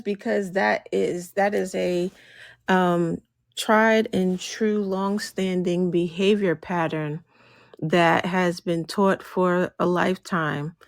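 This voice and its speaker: A woman's voice: lowish voice, no echo. A woman talking as a podcast guest, telling stories and acting out what people said. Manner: animated storyteller, acts out quoted speech. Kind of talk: casual podcast conversation.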